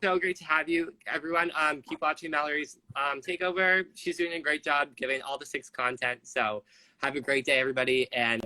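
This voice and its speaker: A man hosting a casual live-stream interview over a video call. His voice is very bright and forward, and he talks in an effusive, gushing way. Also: fairly high pitch, fairly even intonation, fairly quick, low-quality recording. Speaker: interviewer, social media host.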